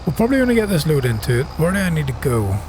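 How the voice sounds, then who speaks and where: A middle-aged Northern Irish man, his accent smoothed down for viewers, talks through his farming game in a rambling, friendly way. His voice sits a touch high and moves a great deal as he thinks aloud. Faint background noise runs under it. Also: sing-song, very fast, darkish tone. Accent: Northern Irish, softened. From Northern Ireland. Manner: chatty, thinks aloud with many ums. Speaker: gaming channel host. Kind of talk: casual gameplay commentary.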